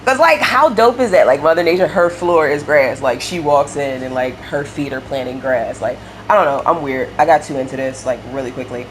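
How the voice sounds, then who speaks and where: A woman's voice: deep voice, fairly quick, hardly any pauses, a little hiss or hum. A young woman chatting casually while building in a game, telling a rambling story full of fillers and laughs. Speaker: game streamer building a house. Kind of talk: casual chat while playing.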